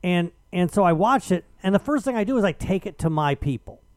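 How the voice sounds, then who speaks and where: A man hosting a radio talk show, telling an argumentative story in casual chat with animated emphasis. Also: high voice, brisk, smooth, no echo.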